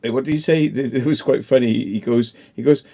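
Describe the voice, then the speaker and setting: A man's voice: medium pitch, vocal fry, warm tone. A man hosting a livestream, rambling and joking in casual chat. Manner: rambling, self-deprecating, quick to joke. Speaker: livestream host.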